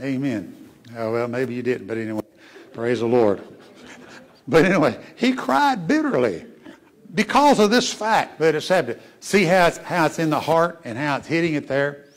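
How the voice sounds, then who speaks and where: A man preaching a sermon as a pastor, who swings between emphatic rises and hushed asides and asks his congregation questions. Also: mid-range voice, moderate pace. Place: church sanctuary.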